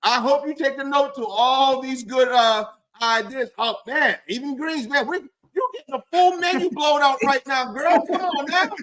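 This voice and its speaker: Man, very high voice, jokey host, animated banter, casual interview. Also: normal speed, hardly any pauses. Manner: playful, animated, teasing banter. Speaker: host of a live stream.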